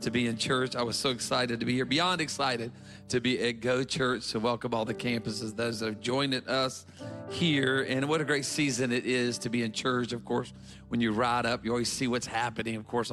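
A man's voice: medium pitch, little pitch movement, fairly quick, soft background music. A man speaking as guest preacher, greeting the congregation with enthusiasm before his sermon. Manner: enthusiastic, warm crowd greetings. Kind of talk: sermon opening. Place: large church auditorium.

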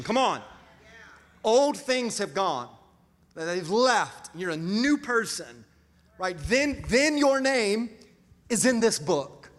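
A middle-aged male pastor preaching a sermon with call-and-response asides and sudden swings from quiet to loud. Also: high voice. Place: large church hall. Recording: reverberant church hall with music.

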